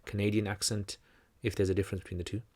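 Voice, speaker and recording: Low-voiced man explaining casually. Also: level tone, fast, darkish tone. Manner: loose, conversational explaining with many fillers and restarts. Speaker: channel host answering questions. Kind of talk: livestream Q&A teaching.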